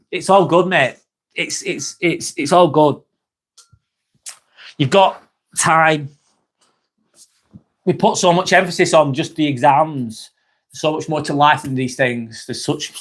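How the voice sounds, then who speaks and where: Young guy chatting on his livestream, keeps saying mate, swears a bit, slightly high voice. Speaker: livestream host reading chat. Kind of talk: casual live chat.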